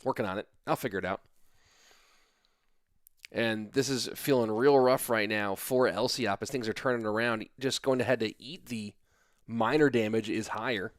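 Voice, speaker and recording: A man's voice: on the low side, normal speed, no echo, clean studio sound. A tired man in his thirties casting an esports match on a live stream, chatting casually and reading viewer comments aloud between plays. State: sleepy. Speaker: esports caster.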